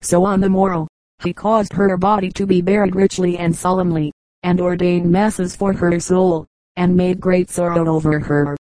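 A woman narrating an audiobook of an old legend, measured and even. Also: lowish voice, dry recording, low-quality recording. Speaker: audiobook reader. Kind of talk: scripted narration.

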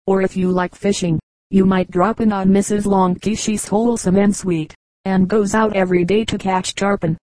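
A woman voicing a prim, disapproving young woman who gossips about a neighbor, read in a dark, dry audiobook voice. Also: mid-range voice, little pitch movement, moderate pace, dry recording, close to an everyday voice, low-quality recording. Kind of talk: audiobook character reading.

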